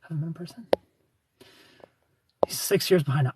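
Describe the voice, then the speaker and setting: A man's voice: a little high, moderate pace, noisy background. A man hosting a livestream, chatting casually and giving frank relationship advice to viewers by name. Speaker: livestream host answering viewer comments.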